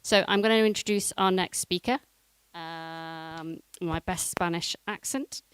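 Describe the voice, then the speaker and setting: A woman hosts a conference, introducing speakers in a friendly, chatty way. Her voice is smooth and resonant. The recording is dry, with little room sound. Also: on the low side, a little slow, no echo, rough recording. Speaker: event host.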